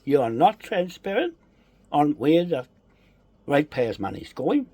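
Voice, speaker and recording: A man's voice: medium pitch, warm tone, husky, dry recording. A man delivering an angry, accusatory political rant, repeating his charges with heavy emphasis.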